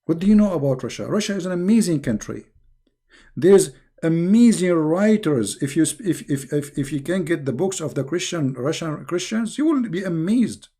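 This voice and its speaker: He hosts an online Q&A stream, his voice on the high side, mellow and slightly rough, with lively intonation at normal speed. Viewers' questions get emphatic, scolding answers, and he often restarts by repeating words.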